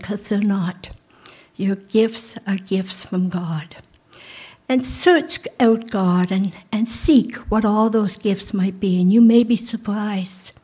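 A middle-aged woman pastor preaches a sermon at a slow, unhurried pace. Her voice is husky and mellow, and it sinks almost to a whisper on key lines. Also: medium pitch.

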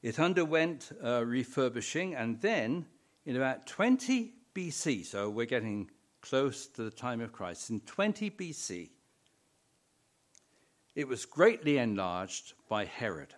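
A middle-aged man delivers a sermon at an unhurried pace. His pitch rises and falls freely as he leans on repeated words for emphasis. Now and then a wry, dry humor slips into his storytelling. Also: sing-song. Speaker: preacher.

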